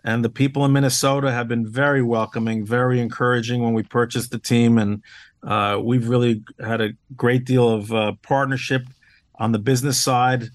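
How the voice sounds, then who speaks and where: A man's voice: medium pitch, little pitch movement, normal speed, no room sound. A man being interviewed as a team owner, speaking with earnest enthusiasm and filling his sentences with "uh" and restarts. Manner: upbeat and earnest, with many "uh" fillers and restarts. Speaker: team owner, podcast guest. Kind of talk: casual interview conversation.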